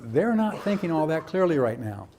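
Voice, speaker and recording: This presenter at a teacher training workshop has a high voice and delivers his lecture to educators at a moderate pace. He's animated, playing the parts of teachers and students and throwing out rhetorical questions.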